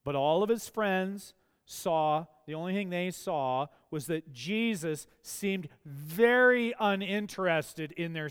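A man's voice: fairly high pitch, fairly bright tone, clear, resonant tone. A man preaching a sermon, earnest and asking pointed, emphatic questions. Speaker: pastor. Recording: long hall reverb.

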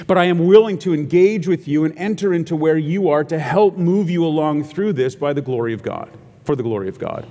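A man preaches in a relaxed, conversational way, putting scripture into everyday speech. His voice sits at an ordinary middle pitch. A long reverb hangs behind it, as if in a big sanctuary. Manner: conversational preaching, paraphrasing scripture in plain talk. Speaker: pastor. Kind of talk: sermon.

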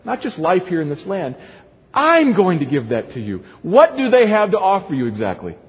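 A man's voice: fairly high pitch, huge pitch swings, moderate pace, husky, heavily acted. A man voicing God as a loving father who asks rhetorical questions, in a long echoing hall. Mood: insistent. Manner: rhetorical questions, pleading and insistent.

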